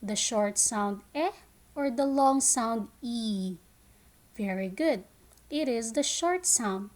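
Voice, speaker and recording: A woman with a fairly high voice gives an online phonics lesson to young children. She speaks slowly and clearly, stretching out each vowel sound so the little ones can follow. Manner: slow, clear teacher talk with drawn-out sounds. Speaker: kindergarten teacher.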